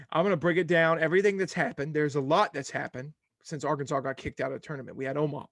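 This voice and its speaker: A man's voice: a little high, steady tone, fast talker, gravelly, a bit bright, no room sound, clean studio sound. A young man hosting a casual sports podcast, rattling off game results in a jokey, scattered way. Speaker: podcast host.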